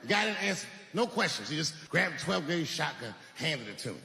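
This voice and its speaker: A man doing stand-up on stage, telling stories in an animated, punchy way into a handheld mic. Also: a little high, brisk, creaky, breathy edge. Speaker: stand-up comedian. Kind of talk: stand-up comedy. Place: stage in front of a crowd. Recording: long hall reverb.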